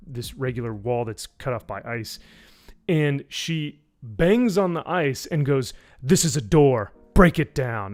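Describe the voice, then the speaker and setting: Rambling, sarcastic man recapping a show. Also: mid-range voice. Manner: rambling, sarcastic and profane, with many fillers. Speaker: YouTube reviewer on a live stream. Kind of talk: casual live-stream plot recap.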